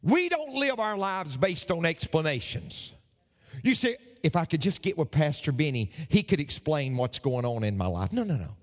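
A man's voice: on the high side, sing-song, moderate pace, long reverb tail. A man preaching a sermon as a pastor, speaking emphatically and repeating key phrases for weight.

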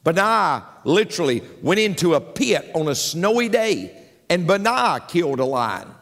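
Folksy preaching pastor in a reverberant hall. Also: male voice, fairly high pitch, sing-song, moderate pace, a bit bright. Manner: preaching with folksy jokes and call-and-response. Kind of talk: sermon. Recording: long hall reverb with faint music.

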